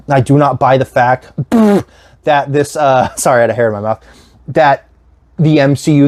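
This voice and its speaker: A man's voice: mid-range voice, a little mellow. A young man talking casually about his disc collection, rambling, swearing freely and losing his train of thought.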